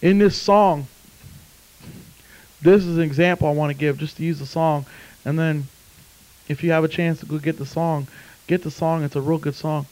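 A man delivers a sermon in a high voice. He drops to a hush while telling a story, then climbs to fervent shouts. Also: fairly even intonation, normal speed, pauses often, poor audio. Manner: impassioned, swings from hushed to shouting. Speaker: preacher.

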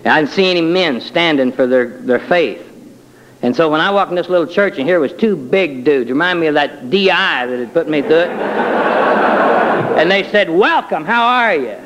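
A man's voice: a little high, brisk, noisy background. Folksy man telling his testimony. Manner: colloquial and self-deprecating, with wry humor. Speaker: speaker giving a personal testimony.

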